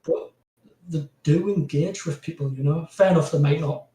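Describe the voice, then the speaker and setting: At a moderate pace, this man talks in a fairly high voice with a dark tone. The podcast guest, a graphic designer from North East England with a strong Geordie accent, keeps the chat casual and rambling, with frequent laughs and many "you know" fillers; the sound is roomy, with the mic at a distance.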